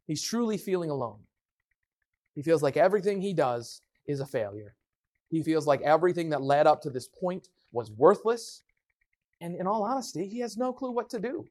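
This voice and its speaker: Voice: mid-range voice, expressive, moderate pace, a little mellow. Emphatic preacher acting out quotes. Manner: emphatic, acts out voices in quotes. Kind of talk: sermon with Bible reading.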